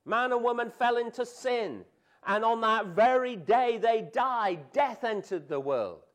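A man preaches a sermon at an unhurried pace, weighing each phrase. His voice sits high for a man. He sinks to near-whispers on solemn words and swells on emphatic declarations. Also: expressive. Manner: slow, deliberate preaching with dramatic drops to a hush and emphatic rises.

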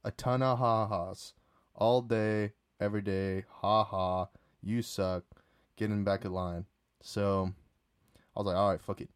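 A man with a lowish voice tells a long night-out story on his own podcast. He rambles, stops and starts, and fills gaps with "uh" and "like". The sound is close and dry, with no room around it. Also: fairly even intonation, measured pace, clear, resonant tone, dry recording. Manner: rambling, many fillers and restarts. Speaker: podcast host. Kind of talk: casual solo storytelling.

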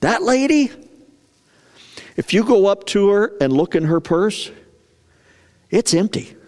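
A preacher acting out an excited, insistent Jesus. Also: male voice, high voice, slow, voice pushed up. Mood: earnest. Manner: animated, urgent, insistent. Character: excited earnest male teacher, Jesus. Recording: long reverb of a large hall.

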